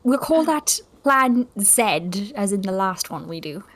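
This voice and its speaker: A woman's voice: mid-range voice, lively intonation, measured pace, fairly bright tone. A woman playing a tabletop game in casual chat, playful and jokey. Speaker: player.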